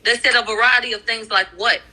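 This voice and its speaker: A woman's voice: on the high side, steady tone, a little fast, sharp tone, rough recording. A woman casually retelling courtroom testimony question by question in a chatty, run-on way. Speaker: trial recap commentator.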